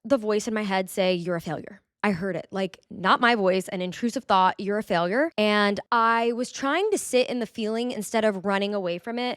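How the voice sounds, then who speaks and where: A woman's voice: medium pitch, clear, resonant tone, no echo, studio quality. A woman vlogger, talking candidly in a chatty confessional way, with many "like" fillers. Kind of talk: casual confessional vlog.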